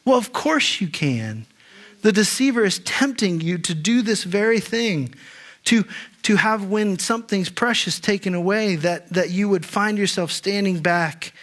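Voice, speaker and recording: A man's voice: high-pitched, expressive, unhurried, fairly bright tone. A male pastor preaching a sermon earnestly, often repeating and restarting words. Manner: earnest, with frequent word repetitions and restarts.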